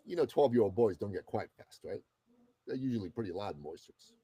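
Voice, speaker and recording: A husky man in his fifties from the Middle East, a guest on a talk show. He tells a story casually and expressively and does not mind swearing. The recording is dry and close. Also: on the low side, animated, fast, warm tone, dry recording. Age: 50s. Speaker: guest entrepreneur. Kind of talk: animated storytelling in conversation.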